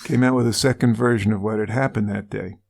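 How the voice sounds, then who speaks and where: A man's voice: fairly low pitch, fairly even intonation, fast talker, creaky, a little mellow. A man co-hosting a true-crime podcast, retelling a case casually with wry asides. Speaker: podcast co-host.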